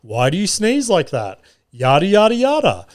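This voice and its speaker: A man's voice: high voice, huge pitch swings, normal speed. An Australian man, a comedian hosting his own podcast, telling stories in a chatty, self-mocking way with plenty of swearing. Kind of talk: casual solo podcast storytelling. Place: podcast studio.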